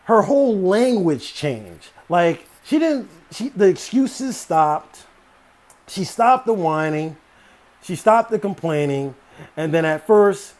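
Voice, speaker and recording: Here a motivational speaker, whose voice sits high with a darkish tone, tells the story of managing a store. He's conversational and emphatic, leaning on many fillers and repeating phrases.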